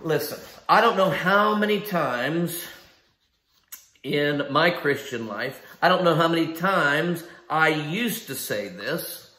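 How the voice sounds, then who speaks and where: A man's voice: a little high, bright, forceful tone, reverberant. A man preaching a sermon in an emphatic style, asking rhetorical questions and repeating key phrases. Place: church sanctuary.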